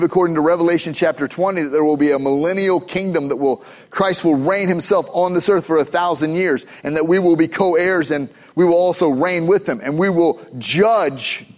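Emphatic preacher man, higher voice. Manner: emphatic, calls for audience responses. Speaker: pastor. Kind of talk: sermon.

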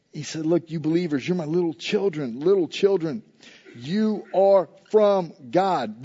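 High-voiced man preaching emphatically. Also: a little mellow, breathy edge, muffled recording. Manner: emphatic, repetitive preaching cadence. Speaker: pastor. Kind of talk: sermon.

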